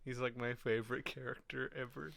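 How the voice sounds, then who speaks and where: Man, casual podcast banter, retells movie scenes with laughs, mid pitch. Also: flat delivery, brisk, creaky, fairly bright tone, no room sound. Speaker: podcast co-host. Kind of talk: casual chat.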